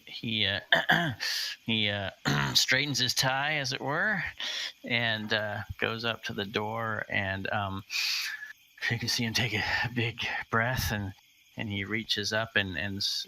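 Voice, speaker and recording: Slow, gravelly, bright-voiced male game master. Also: on the low side, poor audio. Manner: halting, with frequent fillers and restarts. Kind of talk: narrating and explaining rules of a tabletop game.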